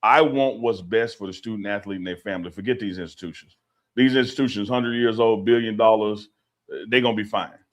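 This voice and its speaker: A low-pitched man co-hosting a casual sports talk show. He argues his points in an animated way, often repeating phrases and laughing along. His delivery is loose and conversational. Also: brisk. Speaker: co-host.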